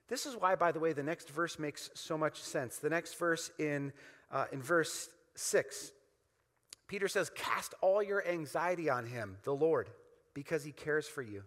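A man's voice: on the high side, fairly bright tone, big-room sound. A man preaching a sermon as pastor, emphatic and repetitive, leading the congregation in call-and-response.

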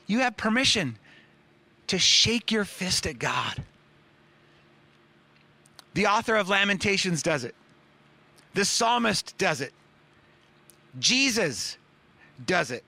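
A man preaching a sermon as pastor, earnest, dropping soft on key words and rising on questions. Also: high-pitched.

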